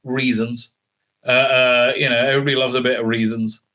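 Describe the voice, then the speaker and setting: A man's voice: mid-range voice, flat delivery, brisk, bright, forceful tone. A man giving a casual, sarcastic recap and review in a rambling way, with many filler sounds. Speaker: video reviewer.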